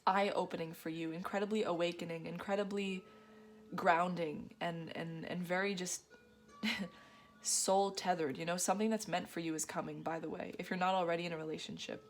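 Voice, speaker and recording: A woman's voice: lowish voice, steady tone, moderate pace, faint music behind. A woman giving a gushing, affirming tarot reading to her viewers, often breaking into giggles. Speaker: tarot reader.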